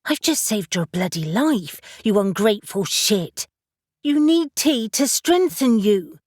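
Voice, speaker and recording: A woman's voice: mid-range voice, big pitch swings, slow pace, a little mellow, no room sound, clean studio sound. A woman reading the part of a bossy, caring young witch who scolds freely in an audiobook. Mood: scolding.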